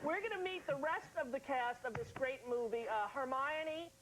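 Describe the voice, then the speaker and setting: A woman's voice: high voice, normal speed, a little hiss or hum, low-quality recording. A woman hosting a TV talk show interview in a studio, chatty and playfully teasing.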